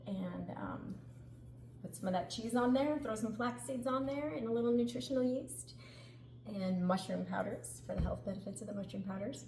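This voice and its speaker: A woman's voice: mid-range voice, moderate pace, creaky, warm tone. Chatty woman in an echoey kitchen. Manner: upbeat, chatty, laughs often. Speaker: cooking show host. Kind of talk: casual cooking demonstration. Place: home kitchen. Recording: echoey kitchen with background noise.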